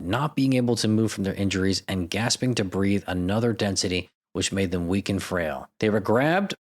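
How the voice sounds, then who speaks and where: A man hosting a podcast, reading out stories with irreverent, profane, jokey asides. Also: lowish voice. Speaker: podcast host. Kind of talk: comedic podcast narration.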